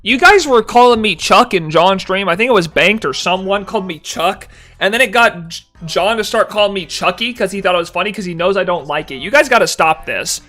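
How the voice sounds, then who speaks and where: A man's voice: high-pitched, expressive, a little fast, bright, forceful tone, soft background music. A young man chatting casually on a live stream, reading chat aloud and answering in mock annoyance, laughing between lines.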